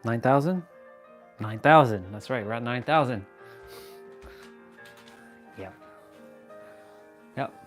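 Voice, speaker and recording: A man's voice: medium pitch, expressive, slow, pauses often, soft background music. A man chatting casually on a phone live stream, goofy and joking, poking fun at himself. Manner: goofy, joking, self-mocking.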